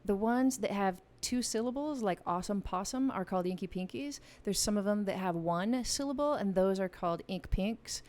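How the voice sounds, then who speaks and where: A woman's voice: mid-range voice, moderate pace, few pauses, a little mellow. Playful, chatty woman hosting a live online game, talking straight to viewers on a studio mic. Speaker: music channel host running a live game. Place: home music room with a piano. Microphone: studio vocal mic.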